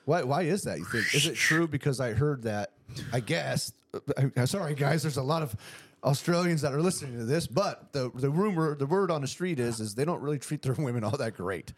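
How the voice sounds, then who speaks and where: A man hosting a podcast, laid-back and profane, asking questions and reacting quickly. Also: mid-range voice, lively intonation, dry recording. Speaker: podcast host. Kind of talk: casual podcast chat.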